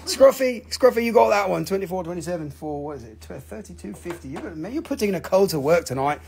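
A man hosting a live rock sale, joking, excitable and swearing freely as he runs quick auctions. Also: high-pitched, vocal fry, a little hiss or hum. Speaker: livestream rock seller. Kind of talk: live auction sales chat.

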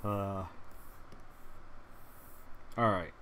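A man's voice: low-pitched, fairly even intonation, extremely slow, pushed and bright, slight background noise. A man chatting casually while painting on a live stream, rambling with lots of fillers and laughing at his own jokes. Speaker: digital artist streaming a painting session.

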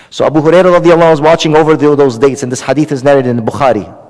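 A man's voice: a little high, steady tone, racing, darkish tone, big-room sound, poor audio. A man preaching a Ramadan night sermon, retelling a story with dialogue. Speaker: Islamic preacher.

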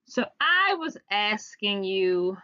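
Chatty DC woman teaching science, slangy and playful, bright forceful tone, dull lo-fi recording. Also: medium pitch, sing-song, slow pace. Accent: Washington DC. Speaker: science vlogger teaching class. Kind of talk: casual video lecture.

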